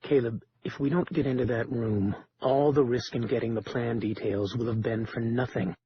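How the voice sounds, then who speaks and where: A calm, guarded older man, as a narrator puts him on, quiet and measured. The recording is dull and lo-fi with a faint hiss. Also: medium pitch, pitched below the performer's own voice, lightly acted.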